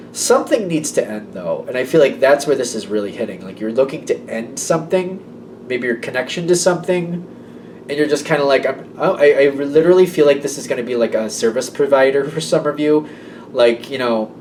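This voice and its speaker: A man's voice: mid-range voice, animated, moderate pace, a little mellow, a little hiss or hum, poor audio. A man giving a casual tarot reading, rambling and correcting himself, often speaking the listener's imagined thoughts aloud. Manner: rambling, self-correcting, voices clients' thoughts. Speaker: tarot reader.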